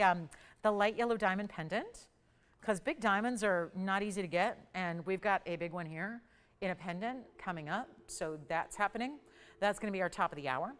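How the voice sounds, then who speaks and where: A woman's voice: medium pitch, fairly bright tone, big-room sound. Upbeat woman calling auction bids. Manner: brisk, upbeat sales talk, calling out bids. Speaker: live shopping auction host. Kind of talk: live TV shopping auction patter.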